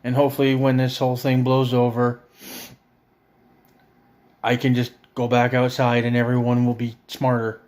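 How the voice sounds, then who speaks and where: A man's voice: medium pitch, completely flat delivery, moderate pace, pauses often, darkish tone. Middle-aged guy, profane exasperated home vlog rant, sarcastic edge, mid-range voice. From Canada. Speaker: vlogger. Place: a friend's house, indoors.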